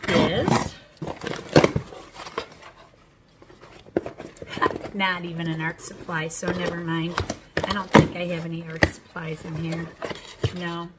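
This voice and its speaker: A woman's voice: on the low side, fairly bright tone, a little hiss or hum, low-quality recording. A woman hosting her own art channel, talking through an unboxing in a chatty, rambling, frank way at home. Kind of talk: casual unboxing vlog.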